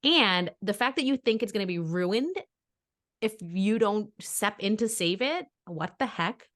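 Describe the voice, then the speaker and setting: Woman podcast host chatting, blunt and opinionated, animated storyteller, normal mid voice. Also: mid-range voice, unhurried. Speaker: mother. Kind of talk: casual chat.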